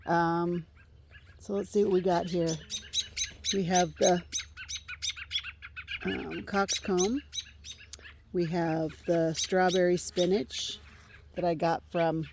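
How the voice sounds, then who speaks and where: A woman's voice: fairly low pitch, flat delivery, slow, pauses often, background noise. A woman giving a chatty, meandering walkthrough of her home garden in a casual vlog. She fills her speech with frequent ums as she strolls outdoors. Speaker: gardening vlogger.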